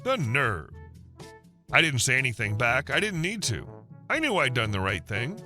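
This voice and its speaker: A man's voice: medium pitch, brisk, faint music behind. A man reading online stories aloud in a polished, scripted narration style with no fillers. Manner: even, polished read with no fillers. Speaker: story narrator.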